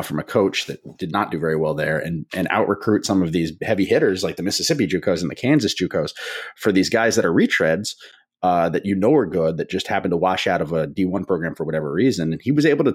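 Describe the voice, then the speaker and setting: A man co-hosting a sports show over a remote call, talking in an animated, casual way. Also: sits low, husky. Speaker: co-host.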